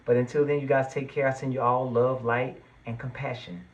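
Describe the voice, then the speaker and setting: A man of middle pitch gives a tarot reading straight to his viewers. He talks in an earnest, reassuring way and turns emphatic when he feels strongly. The sound is a little dull and lo-fi. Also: level tone, fairly quick. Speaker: tarot reader.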